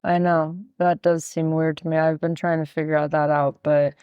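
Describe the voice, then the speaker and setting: A woman's voice: deep voice, little pitch movement, moderate pace, clear, resonant tone, no echo, highs cut off. A woman in a casual podcast conversation, telling a story with frequent restarts and bits of laughter. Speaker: podcast guest, host's sister.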